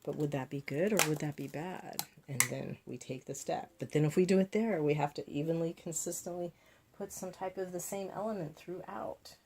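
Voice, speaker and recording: A craft vlogger talks casually as she paints, musing aloud over her decisions and adding playful asides. She speaks at a normal speed in a low-pitched, mellow voice, with slight background noise behind her.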